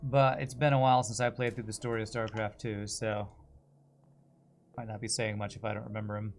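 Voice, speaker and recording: A man's voice: lowish voice, flat delivery, fairly quick, a little hiss or hum. A man streaming a strategy game, chatting casually and answering viewers' comments while he plays. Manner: chatty, reads and answers chat while playing.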